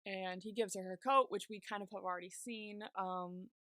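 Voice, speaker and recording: A woman's voice: mid-range voice, fairly even intonation, normal speed, fairly bright tone, no room sound. A young woman co-hosting a podcast, casually recapping a series with lots of "like" fillers. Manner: chatty, many "like" fillers while retelling scenes. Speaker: podcast co-host.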